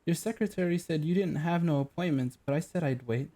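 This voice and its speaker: A man voicing a shabby, blunt, middle-aged woman with a West Country accent in an audiobook, speaking slowly and plainly. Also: fairly high pitch, dark tone, voice pushed up, natural voice. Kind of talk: audiobook character voice.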